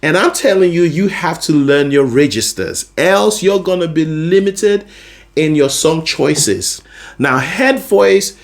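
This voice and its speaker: A man's voice: a little high, lively intonation, takes it slowly. A man teaching a singing lesson, explaining vocal registers patiently and often checking that the listener is following. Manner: explains patiently, often checking in with "you see what I'm saying?". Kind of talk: vocal lesson with sung demonstrations.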